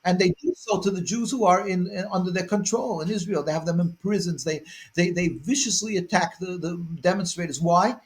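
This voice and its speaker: Rabbi guy with a high voice, earnest, stumbles and repeats words then hits points hard. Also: brisk. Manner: earnest, repeats words while searching for them; rises to forceful emphasis. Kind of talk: interview answers.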